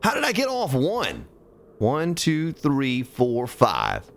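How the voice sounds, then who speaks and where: Slow, lively-voiced man streaming a game. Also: medium pitch, gravelly. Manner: counts aloud while building, chats with viewers, mutters at the game. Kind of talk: casual live-stream gameplay commentary.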